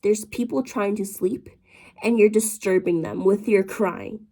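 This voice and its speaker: A woman's voice: medium pitch, a little slow, mellow. A woman voicing a rude older female hospital receptionist who scolds curtly. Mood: scolding. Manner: curt, scolding.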